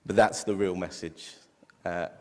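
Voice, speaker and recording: A man's voice: low-pitched, fairly even intonation, unhurried. A middle-aged man giving a heartfelt sermon as a preacher. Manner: heartfelt, tearful at times. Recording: long hall reverb.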